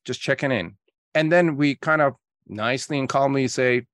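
A man being interviewed on a podcast as a marketing coach, explaining his ideas with lively quoted examples. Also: mid-range voice, moderate pace, no room sound, studio quality. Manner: energetic storyteller acting out calls in quotes.

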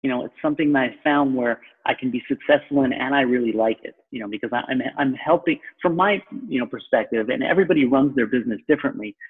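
Over a tinny, phone-quality connection, a Long Island real estate broker with a New York accent talks fast with hardly a pause, his mid-range voice a bit rough. He's a laid-back podcast guest who calls himself sarcastic and constantly starts his thoughts over.

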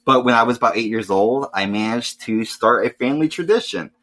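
A young man telling a casual, profane story and acting out loud voices. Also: mid-range voice, fairly quick. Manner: swears often, acts out voices loudly.

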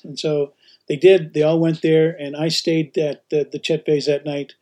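A man hosting a podcast and teaching, telling anecdotes in casual chat, animated and often laughing. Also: a little high, normal speed. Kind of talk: casual storytelling.

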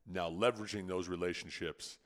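Quick-talking male podcast co-host. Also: low voice, steady tone, a bit bright. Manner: quick, asks questions to steer the talk. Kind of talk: casual podcast chat.

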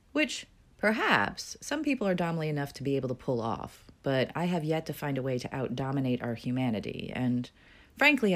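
A woman reading aloud a piece she wrote, in a frank, wry and expressive way. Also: extremely low pitch. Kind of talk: reading her own written piece aloud.

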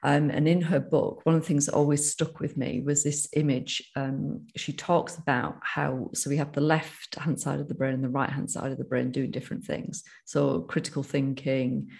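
Northern English speaker for a casual podcast chat: gravelly, mid-pitched, talks in loose runs full of restarts and fillers. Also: flat delivery, moderate pace, few pauses, a little mellow. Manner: rambling, many restarts and fillers.

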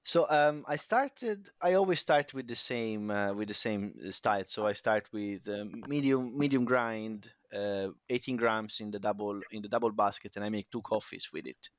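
A man co-hosting a casual podcast chat, teasing and measured in how he speaks. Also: lowish voice, a bit bright, dry recording, studio quality. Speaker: podcast co-host.

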